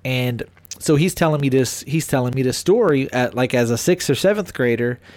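A man in his thirties spins a rambling, profane story on a podcast, swinging into the voices of his characters. His voice sits at an ordinary middle pitch and sounds close and dry. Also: moderate pace, no room sound. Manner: animated, profane, acts out voices. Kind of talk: casual storytelling chat.

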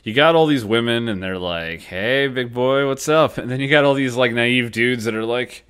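A man co-hosting a casual podcast chat, slangy and animated, often acting out characters' lines. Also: medium pitch, a little fast, clear, resonant tone. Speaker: podcast co-host.

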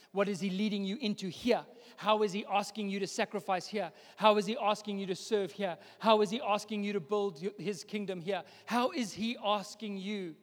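Young male pastor, high voice, preaching into a mic in a hall with long reverb; swings from hushed to loud declarations. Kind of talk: sermon. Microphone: microphone.

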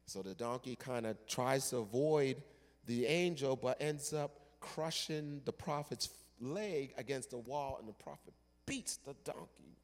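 A male pastor delivering a sermon with dramatic storytelling that swings from loud to hushed. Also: mid-range voice, a little slow, long reverb tail.

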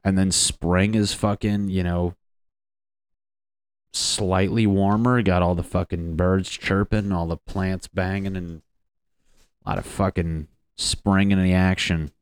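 A man's voice: low voice, steady tone, slow pace, clean tone, no echo. A young man from Connecticut talking in a rambling, joking monologue full of swearing. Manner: profane, joking, meandering. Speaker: vlogger.

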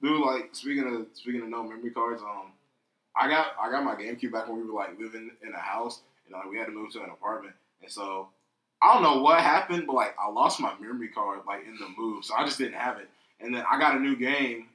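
A young man chatting casually and profanely on a podcast, rambling and animated. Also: mid-range voice, brisk. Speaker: podcast co-host. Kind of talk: casual chat. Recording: echoey room.

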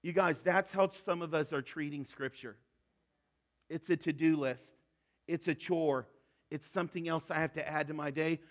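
A middle-aged man preaching a sermon in an earnest, conversational way that often drops to a soft, hushed tone. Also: fairly high pitch, fairly even intonation, moderate pace. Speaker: pastor.

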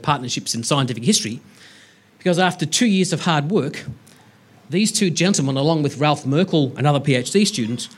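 Lively, humorous male lecturer. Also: a little high. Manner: lively, humorous storyteller, self-deprecating asides. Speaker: university lecturer giving a public science talk. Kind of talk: storytelling public lecture.

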